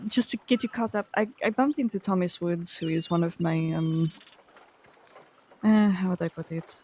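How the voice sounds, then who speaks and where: A woman player telling an animated story in character, acting out the other people's lines as she goes. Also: fairly low pitch, normal speed, breathy edge. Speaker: roleplay game player.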